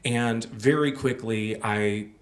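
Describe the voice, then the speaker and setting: A man's voice: on the low side, steady tone, slow pace, far from the mic. A young man telling a personal story on stage at a live storytelling show, casual and self-deprecating, with many fillers.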